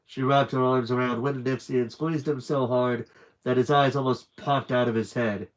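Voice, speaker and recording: Man, live read-aloud, steady plain storytelling, medium pitch. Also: normal speed. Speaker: reader.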